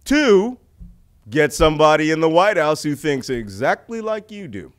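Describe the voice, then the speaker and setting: A middle-aged man from the United States giving an animated public talk on intelligence, full of rhetorical questions and jokes. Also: fairly high pitch, normal speed. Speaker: speaker on intelligence.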